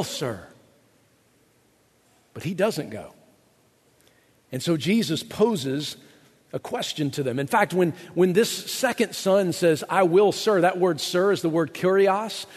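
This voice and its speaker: A man preaching a sermon as pastor, animated, acting out quotes in playful voices. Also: on the high side, unhurried, husky, in a large hall.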